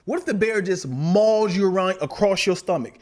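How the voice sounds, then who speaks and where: A man co-hosting a casual podcast chat, excitable, stammering and acting out little quotes as he argues his point. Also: high voice, normal speed. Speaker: podcast co-host.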